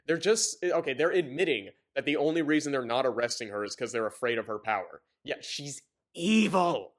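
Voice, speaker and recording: A man's voice: mid-range voice, fast talker. Exasperated man reading and ranting. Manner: exasperated, sarcastic asides between read passages; loose, rambling, stumbles over words. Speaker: host reading a novel aloud with commentary. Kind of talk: casual book reading with commentary.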